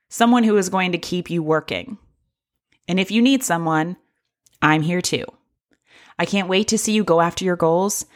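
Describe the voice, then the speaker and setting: A woman in her thirties hosting a motivational podcast, talking straight to the listener in an upbeat, encouraging way. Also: fairly low pitch. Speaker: podcast host.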